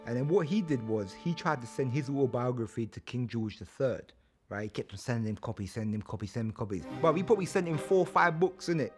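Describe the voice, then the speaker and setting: A man's voice: medium pitch, lively intonation, fast talker, darkish tone, faint music behind. A man, retelling history as comic storytelling in slang, acting out the voices.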